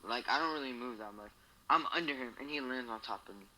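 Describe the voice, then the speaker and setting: A teenage boy with an average-pitched voice, rambling through a story on a casual podcast call and repeating himself for emphasis. A clear layer of noise sits under his audio. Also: quick pace, bright, forceful tone, low-quality recording. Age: teens. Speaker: podcast co-host.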